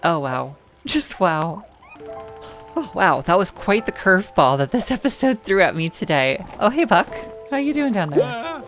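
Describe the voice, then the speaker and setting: Animated woman commentating a game. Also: mid-range voice, measured pace, soft background music. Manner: expressive, exclaiming, animated. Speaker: let's-play host.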